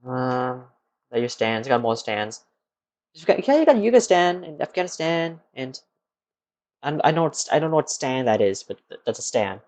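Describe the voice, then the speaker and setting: A man's voice: mid-range voice, very animated, normal speed, a little mellow. A tired young man streaming live from his computer, rambling to himself and answering chat questions in a casual, muttering way. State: tired, yawning.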